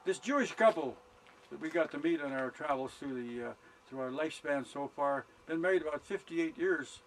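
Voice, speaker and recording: A man's voice: on the high side, lively intonation, low-quality recording. An older man telling rambling, folksy jokes outdoors at a summer campsite, filmed on a camcorder held by his wife. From Canada. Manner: rambling, unhurried delivery with frequent uh fillers.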